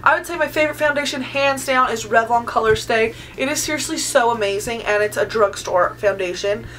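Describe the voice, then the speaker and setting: A woman's voice: fairly high pitch, fairly quick, a bit bright, low-quality recording. Chatty young woman from California. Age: 20s. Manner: chatty, sprinkles in "like" and "um". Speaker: beauty vlogger. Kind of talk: casual Q&A vlog.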